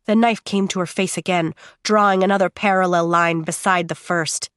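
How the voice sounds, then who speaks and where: Woman narrating a dark audiobook. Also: fairly low pitch, dry recording, clean studio sound. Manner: steady, measured, drawn-out pauses.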